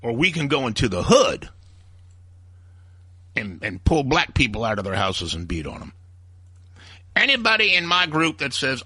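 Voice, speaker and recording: A man's voice: mid-range voice, wildly swooping pitch, normal speed, long pauses, bright, forceful tone, slightly rough, no room sound, clean studio sound. A man hosting a talk radio show, delivering a heated, opinionated rant. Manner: ranting, heated, acts out quoted voices.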